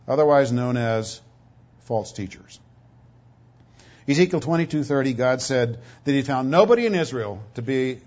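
A man preaching a sermon, emphatic, swinging from loud stretched words to low asides, often repeating words as he goes. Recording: dull lo-fi recording.

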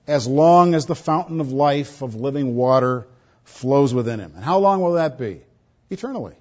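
Pastor, male, emphatic sermon delivery with repetition, a touch high-pitched, dull lo-fi recording. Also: darkish tone. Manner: emphatic, repeats words for stress.

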